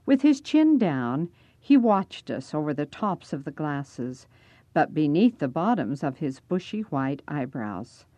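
A woman's voice: low-pitched, big pitch swings, a little slow, dark tone, no echo. A woman narrating a first-person story aloud, reading expressively.

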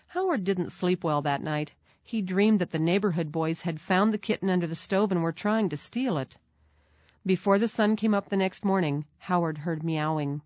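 Low-voiced woman reading a story. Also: normal speed, a little mellow, no echo. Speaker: narrator. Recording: dull, dry recording.

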